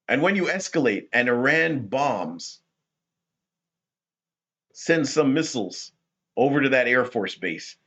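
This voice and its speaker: A man hosting rambling political commentary, talking in a rhetorical, animated way. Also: mid-range voice, highs cut off. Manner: animated, rhetorical, laughs at his own points.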